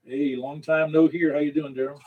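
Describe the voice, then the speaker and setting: This slightly high, husky male voice barely moves in pitch and goes a little fast, with phone-quality sound. As net control on a ham radio net, he chats casually over the air, rambling and catching his own slips.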